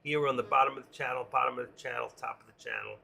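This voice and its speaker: A man's voice: medium pitch, steady tone, racing, gravelly, sharp tone. A middle-aged man with a New York accent, chatting casually on his trading live stream and reading viewer comments aloud.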